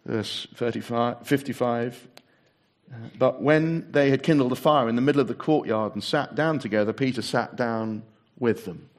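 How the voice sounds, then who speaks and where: A man preaching a sermon, acting out the voices in the story and dropping to a hushed, low voice for solemn points. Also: moderate pace. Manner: dramatic, acts out the voices in the story.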